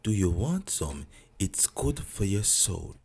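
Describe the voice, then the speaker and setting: A performer voicing a deep-voiced male Rasta with a Jamaican accent in a cartoon, talking in a slow, mumbling low drawl. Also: big pitch swings, gravelly, a little mellow, slightly rough, heavily acted. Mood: laid-back. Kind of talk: animated cartoon voice acting.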